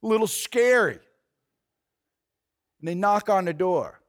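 A man preaching a sermon, retelling a story with animated, conversational energy. His voice sits noticeably high, and he uses casual fillers as he goes. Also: unhurried.

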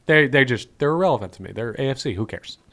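A man's voice: mid-range voice, expressive, fast talker, fairly bright tone. A man from North Carolina with a slight Southern accent, hosting a casual sports podcast and steering the talk. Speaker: podcast host. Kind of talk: casual chat.

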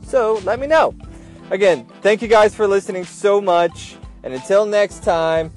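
A man's voice: sits high, unhurried, soft background music. A man hosting a casual solo podcast, chatting and joking as he repeats his advice with emphasis. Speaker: podcast host, airline gate agent.

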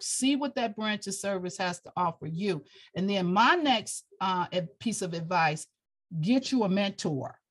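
A woman over forty, a retired military veteran, speaking as an interview guest and giving advice with emphatic repetition. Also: medium pitch. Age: 40s or older. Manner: emphatic, repeats key points.

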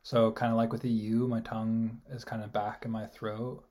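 A man, co-hosting a podcast lesson and slowly trying out sounds while thinking aloud. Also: on the low side, flat delivery, dark tone. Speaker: co-host. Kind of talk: podcast lesson, casual chat.

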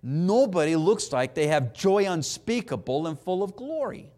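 A middle-aged man preaching a sermon, animated, acting out voices and having the congregation repeat phrases after him. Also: high voice, moderate pace.

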